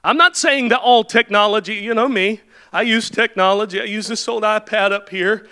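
A man preaching a sermon to his congregation, slowing down and raising his voice to stress key points. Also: high-pitched, steady tone, sharp tone, clean tone, poor audio. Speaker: pastor. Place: church room with a congregation.

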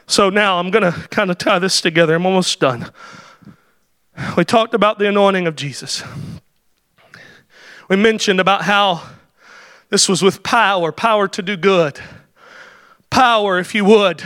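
A man delivers a fiery sermon in a high, ringing voice. He swings from shouted, drawn-out declarations to fast, conversational explanations. The sound is dry and close, with little room echo. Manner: preaching with shouted crescendos and hallelujahs; quick explanatory asides between climaxes. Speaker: preacher. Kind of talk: Pentecostal-style sermon.

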